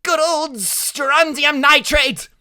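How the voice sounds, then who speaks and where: A man voicing an excitable, tiny, brainy boy in an audiobook, shouting his exclamations. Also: fairly high pitch, moderate pace, no echo, clean studio sound, pitched above the performer's own voice. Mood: exultant. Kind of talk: audiobook character voice.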